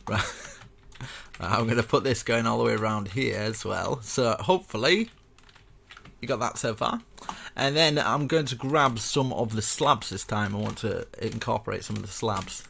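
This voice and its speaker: A man's voice: medium pitch, normal speed, creaky, a bit bright, slight background noise. A young man casually walking viewers through a building tutorial step by step, chatty and rambling with self-mocking asides.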